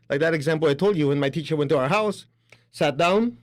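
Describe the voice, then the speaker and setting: A man giving a spiritual lecture, animated and laughing between points, acting out other people's voices as he talks. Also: a little high, fast talker. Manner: animated, acts out quoted voices. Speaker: spiritual teacher. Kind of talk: spoken lecture.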